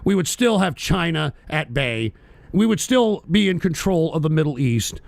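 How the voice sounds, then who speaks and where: Gravelly, swearing radio host. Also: male voice, fairly high pitch, big pitch swings, moderate pace, no echo. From United States. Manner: heated, swearing, repeats himself. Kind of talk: profane political rant.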